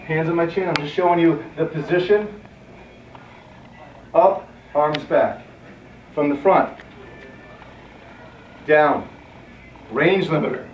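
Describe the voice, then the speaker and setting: A male fitness trainer in a gym, speaking slowly and calling out short commands as he demonstrates each move and counts the reps. His voice sits a little high and comes from some distance off the mic. The recording is roomy with echo and sounds dull. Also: slight background noise. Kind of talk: workout instruction.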